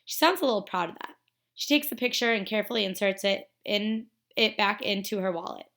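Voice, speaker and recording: A woman's voice: mid-range voice, a little fast, fairly bright tone. Woman teacher reading a novel aloud.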